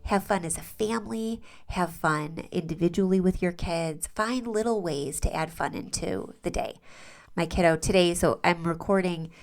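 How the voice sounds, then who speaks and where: A woman in her forties with a lowish voice hosts a podcast. She chats casually and enthusiastically about family life and also reads a sponsor message.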